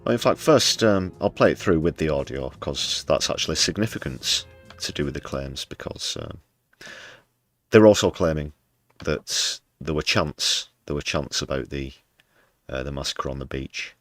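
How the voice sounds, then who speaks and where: A man's voice: extremely low pitch, animated, normal speed, fairly bright tone, no echo, soft background music. A man hosting a livestream, talking over news clips with heavy sarcasm and often addressing viewers as "people". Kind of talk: live commentary on news clips.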